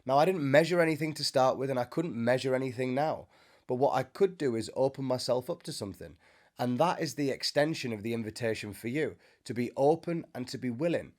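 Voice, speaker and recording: A man's voice: medium pitch, a little fast. A man giving an informal spiritual teaching to camera, conversational with joking asides, seated indoors. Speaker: Christian speaker. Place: indoors, sitting before a bright camera.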